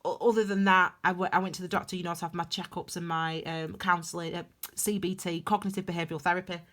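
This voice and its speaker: A woman's voice: on the low side, level tone, quick pace, a bit bright. Heartfelt rambling woman tarot reader. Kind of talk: casual tarot reading monologue.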